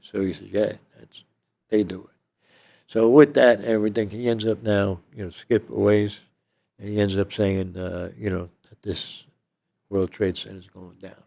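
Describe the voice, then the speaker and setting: This is an older man with a rough, gravelly voice that sits a little low. He tells his story in a loose, rambling way, leaning on "you know" and "okay?" as an interview guest. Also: fairly even intonation, moderate pace, warm tone.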